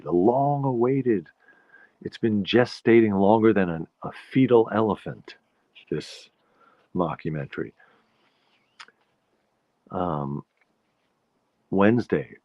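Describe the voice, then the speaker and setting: On a dry, dull lo-fi track, a man from the Bronx, New York, hosts his podcast alone, rambling playfully from one digression to the next. His voice is low and mellow.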